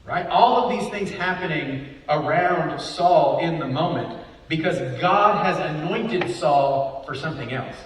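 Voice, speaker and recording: A man with a fairly high voice speaks at a fairly quick clip, preaching a Bible study sermon full of rhetorical questions and tag-on "right?"s. He's in a church hall, and the echoey recording makes him sound distant.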